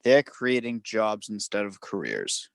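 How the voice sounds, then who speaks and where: A man's voice: on the low side, sing-song, measured pace, creaky, no room sound, clean studio sound. A man co-hosting a casual podcast, sarcastic and teasing, with a lot of swearing. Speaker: podcast co-host.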